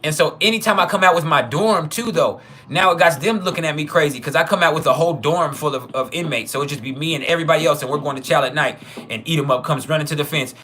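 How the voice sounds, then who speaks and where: A man's voice: on the high side, fast talker, bright, forceful tone. A man casually telling a personal story, profane and chuckling, with many trailing restarts. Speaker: channel host.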